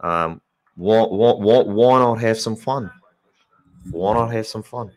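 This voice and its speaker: A man's voice: on the low side, takes it slowly, darkish tone. A man giving a live cricket commentary hangout, rambling with joking asides and correcting himself mid-sentence.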